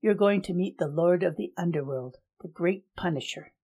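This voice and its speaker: A woman voicing a cold young male emperor who speaks in measured, formal decrees in a storybook reading. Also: lowish voice, mellow, husky.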